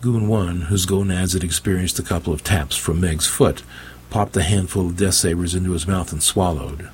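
A man's voice: low-pitched, fairly even intonation, moderate pace, a little hiss or hum. A man narrating an audiobook in a dry, wry storytelling manner. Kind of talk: scripted narration.

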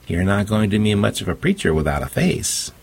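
A man voicing a cool, commanding female vampire gunwoman who speaks calmly and matter-of-factly. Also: lowish voice, fairly quick, creaky, voice pushed up, full character voice.

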